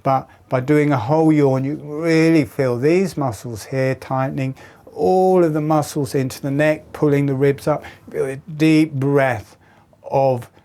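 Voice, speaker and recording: Male breathing instructor, patient and methodical, voice a touch higher than usual. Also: a little slow. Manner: calm, step-by-step explaining with demonstrations. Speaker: breathwork teacher.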